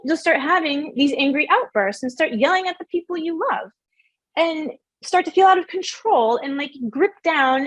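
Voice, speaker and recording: High-voiced woman giving a motivational talk. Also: dry recording. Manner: earnest, emphatic, asks the audience questions. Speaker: workshop speaker.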